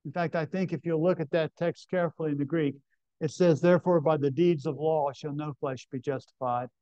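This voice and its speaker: A man preaches in a fairly high voice, emphatic as he reads scripture aloud. He keeps putting questions to the congregation. The recording is dry and dull, with a lo-fi sound. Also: steady tone, brisk, mellow, no echo. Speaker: pastor. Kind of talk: sermon. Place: camp meeting.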